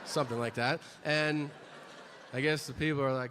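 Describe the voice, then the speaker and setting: A man's voice: mid-range voice, fairly even intonation, a little fast, in a large hall, background noise. A man performing a stand-up comedy set, ranting with exasperated, profane punchlines and acted-out voices.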